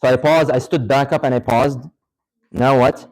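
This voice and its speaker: A man teaches a class in a mosque, talking in a relaxed, informal way. He keeps asking the room questions and repeating his points. His pitch sits in an ordinary middle range, and short Arabic recitations slip into his talk. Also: moderate pace, poor audio. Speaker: religious teacher. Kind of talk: classroom lecture with live demonstration. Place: mosque hall.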